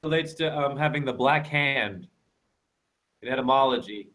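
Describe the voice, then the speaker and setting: A man in an online hangout, talking loudly and emphatically and rambling with "you know" and "like." His voice sounds a little distant from the microphone. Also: mid-range voice, normal speed. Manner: loud, emphatic, rambling with fillers. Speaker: hangout participant. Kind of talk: casual online hangout chat.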